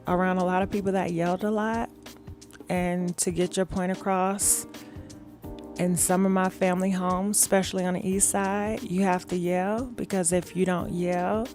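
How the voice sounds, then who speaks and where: A woman hosting a gossip live stream in a calm, soft-spoken way, chatting casually and reading viewer comments with many "all right"s and "mm-hmm"s. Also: mid-range voice, unhurried, faint music behind. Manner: calm, soft-spoken talk instead of her usual yelling. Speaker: gossip show host.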